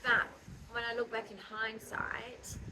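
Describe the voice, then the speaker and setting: Soft-spoken Australian woman vlogger. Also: a little high, level tone, slow. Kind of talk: casual chat. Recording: noisy home recording.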